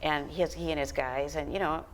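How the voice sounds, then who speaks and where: A woman author talking about history at a panel, relaxed and full of fillers. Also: low-pitched, moderate pace, a little hiss or hum, low-quality recording. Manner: relaxed storyteller, many fillers. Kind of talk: conversational panel talk. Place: art gallery talk.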